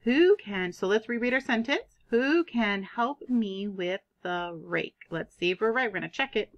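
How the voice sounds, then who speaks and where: A woman teaching a kindergarten reading lesson, sounding out words in an animated, drawn-out way. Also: medium pitch, muffled recording. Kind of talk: online phonics lesson for young children.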